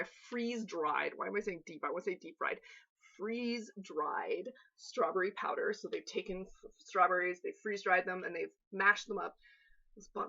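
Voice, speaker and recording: A woman's voice: mid-range voice, creaky, pushed and bright, slightly rough, highs cut off. A woman hosting a live baking stream from her home kitchen, chatting and joking in a rambling way with her viewers. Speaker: host of a live cooking stream.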